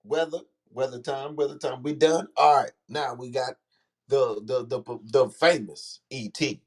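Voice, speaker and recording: A man hosts a casual chat show in a mid-range voice. He banters easily with co-hosts and keeps the conversation moving along in a relaxed way. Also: mid-range voice, unhurried. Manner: laid-back banter, steers the talk along. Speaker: show host.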